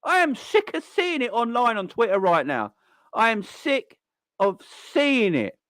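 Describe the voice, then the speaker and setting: A man's voice: very high-pitched, big pitch swings, a little slow, fairly bright tone, dry recording. A man hosting a football channel, ranting angrily and swearing as he mocks online fans. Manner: sweary, mocking, mimics people. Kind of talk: angry fan rant.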